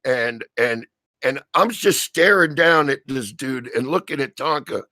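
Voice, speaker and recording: A man telling a story in casual chat, swearing freely and loudly acting out the lines of the people in it. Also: mid-range voice, unhurried, no echo. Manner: profane, animated storyteller acting out quotes loudly.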